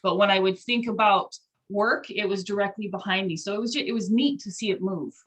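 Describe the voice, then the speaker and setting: A woman's voice: mid-range voice, a little fast, a bit bright, rough recording. A middle-aged woman student on a video call, sharing her experience in a reflective, chatty way.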